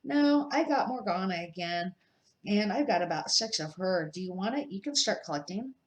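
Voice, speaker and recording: An easygoing eleven-year-old wizard boy chatters on about sweets and spells, as a grandmother reads his lines aloud. The voice stays close to her own, casual and unhurried. It is a home storybook reading. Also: medium pitch, expressive, lightly acted. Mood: chatty.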